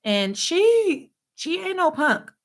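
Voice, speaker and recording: A woman's voice: very high voice, very animated, takes it slowly. A young adult woman hosting casual commentary, blunt and sassy, talking back at the clips she plays. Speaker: host.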